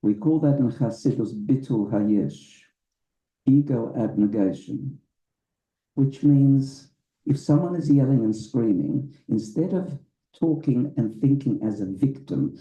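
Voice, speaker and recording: A man, a rabbi, giving a public lecture with slow, deliberate, emphatic phrasing. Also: medium pitch, warm tone, recorded from a distance. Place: event hall with a live audience. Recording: roomy, slightly muffled hall sound.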